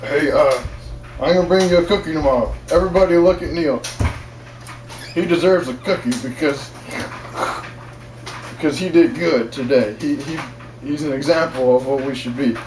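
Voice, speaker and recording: A young man putting on the voice of an older male football coach who is gruff, earnest and full of praise, talking slowly and repeating himself. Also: on the high side, darkish tone, echoey room, recorded from a distance, soft background music, lightly acted, poor audio. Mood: praising.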